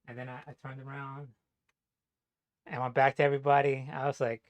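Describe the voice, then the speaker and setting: A man's voice: mid-range voice, little pitch movement, fairly quick, pauses often, dry recording. A man from New Jersey telling a rambling, profane story in a casual monologue, full of "you know" fillers. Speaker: vlogger.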